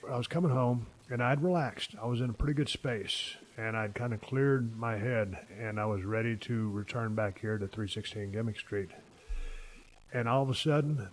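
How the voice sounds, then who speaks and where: Man in his 50s telling long cussing stories on his podcast, middle-pitched voice. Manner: profane, rambling storyteller. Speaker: podcast host. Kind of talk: casual chat.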